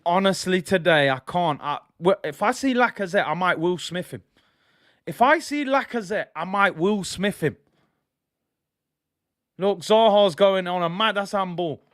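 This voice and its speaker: A young man with a strikingly high-pitched voice hosts a live watch-along of a football match. He is excitable and emotional, and often tips into exasperated shouting. The sound is dry and close, with no room echo. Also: a little slow. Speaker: fan stream host.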